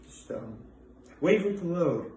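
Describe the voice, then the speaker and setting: Give me a rambling young man vlogging, a bit high-pitched, with fillers and restarts. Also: very animated, measured pace, dark tone, roomy sound, slight background noise, poor audio. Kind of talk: casual daily vlog talk.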